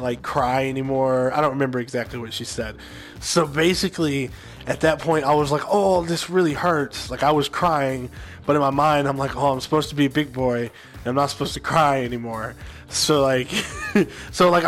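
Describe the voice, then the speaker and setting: A young man casually telling personal stories to his viewers in a rambling way, full of fillers and asides. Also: medium pitch. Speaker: gaming video host.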